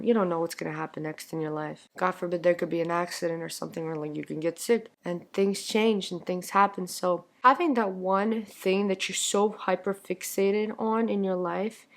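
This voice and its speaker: A young woman, a singer, talking casually to her camera while her voice is hoarse and lowered from laryngitis; earnest and reflective, laughing lightly between thoughts. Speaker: singer and content creator.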